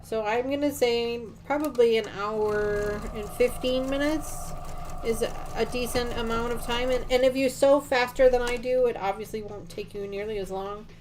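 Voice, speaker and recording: A woman's voice: fairly high pitch, steady tone, moderate pace, background noise. Chatty woman rambling while she sews. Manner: chatty, rambling, many ums and restarts. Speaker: quilting livestream host. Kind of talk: casual chat while sewing.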